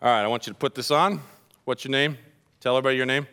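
A man preaching a sermon as a pastor, telling the story in an animated, joking way and talking directly to the congregation. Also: medium pitch, very fast, smooth.

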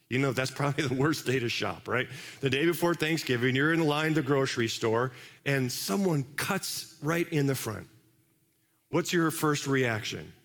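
A man preaching in a large church hall, his slightly high voice carrying a long reverb. He talks conversationally and keeps turning to the congregation with quick questions. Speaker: pastor. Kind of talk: sermon.

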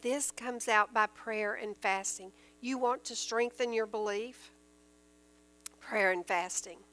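A woman leads a Bible study, reading scripture aloud and then explaining it in plain, earnest words. Her voice sits high and sounds bright and clear. A faint electrical hum runs underneath the recording. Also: low-quality recording. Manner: earnest, explains verses in plain everyday terms. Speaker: Bible teacher.

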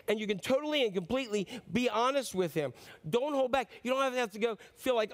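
High-voiced man preaching earnestly. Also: lively intonation, brisk. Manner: earnest, pleading, rises and drops sharply for emphasis. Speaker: pastor. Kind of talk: sermon.

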